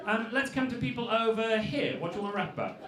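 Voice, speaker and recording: A man's voice: high voice, sing-song, fast talker. A male comedian and freestyle rapper working the crowd on stage, talking in a wry, chatty way with a laugh in his voice. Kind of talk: stand-up crowd work. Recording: roomy live venue with crowd. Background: audience voices.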